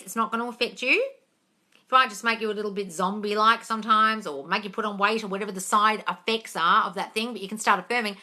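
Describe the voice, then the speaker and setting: A woman hosting a live manifesting Q&A over a phone, answering viewer comments bluntly, swearing freely and calling people darling. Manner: animated, swinging between loud emphasis and low asides.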